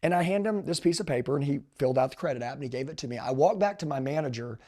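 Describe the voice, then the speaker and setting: A man in his forties, a sales trainer, telling a story in an emphatic, animated, slangy way and calling his listeners dude. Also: medium pitch, rapid-fire. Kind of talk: motivational storytelling.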